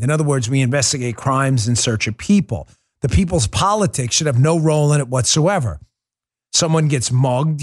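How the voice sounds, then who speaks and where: Impassioned middle-aged man, fairly high voice. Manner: impassioned, swings from quiet to loud indignation. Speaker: podcast host. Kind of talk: political commentary monologue.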